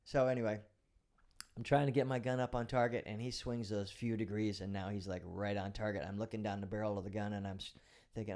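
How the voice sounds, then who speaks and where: A man's voice: fairly low pitch, little pitch movement, fast talker, a little mellow. A middle-aged man, a retired police officer, telling a vivid personal story as a guest in a casual interview, now and then swearing.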